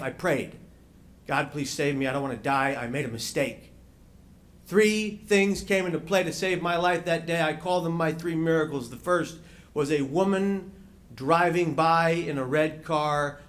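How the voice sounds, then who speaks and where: A man with a somewhat high voice delivers a personal story as a panel speaker. He slows down to weight key phrases and slips in dry humor. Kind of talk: personal story told as a speech.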